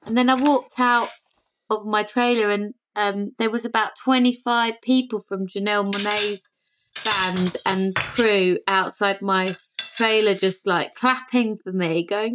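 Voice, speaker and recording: A woman, a singer and podcast guest, telling lively stories in casual chat and acting out the voices of the people in them. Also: medium pitch, unhurried. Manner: animated, acts out quoted voices.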